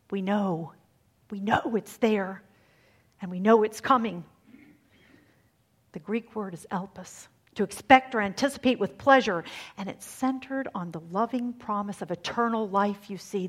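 A woman giving a sermon, dramatic and swinging from hushed near-whispers to emphatic lines. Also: mid-range voice. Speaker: speaker giving a faith talk.

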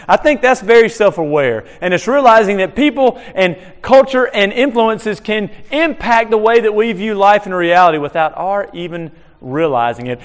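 A man preaching a sermon in a chapel, talking in a casual, animated way with frequent restarts. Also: high voice, long reverb tail. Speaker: chaplain preaching. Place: chapel on a military base.

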